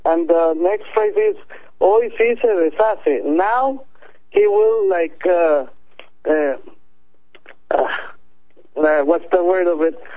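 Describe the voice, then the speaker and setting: High-voiced man, hesitant. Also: takes it slowly, pauses often, dry recording, muffled recording. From El Salvador. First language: Spanish. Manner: hesitant, searching for words. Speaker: guest. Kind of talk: casual remote chat.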